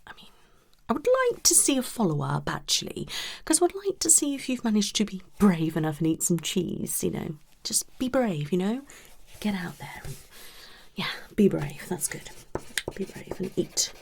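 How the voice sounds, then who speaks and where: A woman acting a blunt, dismissive psychologist in a whispered role-play, talking in a soft, breathy, rambling way. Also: fairly low pitch, very animated, moderate pace, heavily acted. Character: blunt unprofessional female psychologist. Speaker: ASMR creator.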